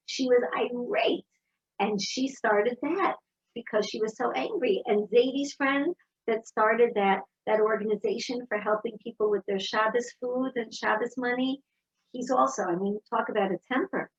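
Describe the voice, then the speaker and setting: A woman giving an inspirational talk, telling personal stories in a lively storytelling manner. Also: fairly high pitch, moderate pace, breathy edge, lo-fi sound. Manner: storytelling, warm and animated. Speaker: speaker.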